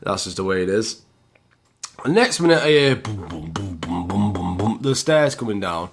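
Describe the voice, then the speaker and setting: A man's voice: lowish voice, animated, normal speed, vocal fry, slightly rough. A man with a British accent telling a story to his viewers in a chatty vlog style, often calling them guys. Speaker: YouTuber.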